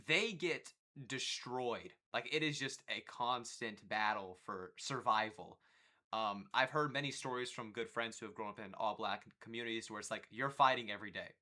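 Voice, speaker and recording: A man's voice: mid-range voice, bright, forceful tone. A man hosting a podcast interview, speaking emphatically and bluntly. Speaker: podcast host.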